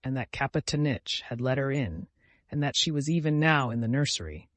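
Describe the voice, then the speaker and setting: In this audiobook of a classic novel, a male narrator keeps a calm, measured delivery and raises his voice for dialogue. His voice sits in the mid range, and there's no room sound.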